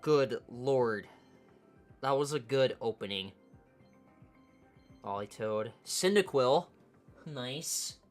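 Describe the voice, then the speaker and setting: A woman streamer giving casual, low-key commentary, murmuring card names half to herself. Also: animated, slow pace, pauses often, faint music behind.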